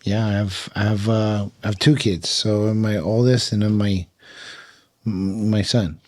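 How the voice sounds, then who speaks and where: A man's voice: lowish voice, steady tone, measured pace, darkish tone, no room sound. A middle-aged man from California, telling stories as a podcast guest in a chatty way, with lots of fillers and laughs. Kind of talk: casual storytelling.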